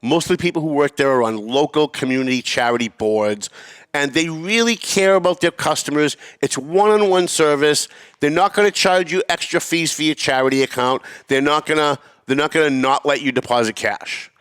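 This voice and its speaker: A middle-aged man hosting a podcast, telling a story in an animated, swearing rant that climbs toward yelling. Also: fairly high pitch, moderate pace, clean tone. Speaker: podcast host.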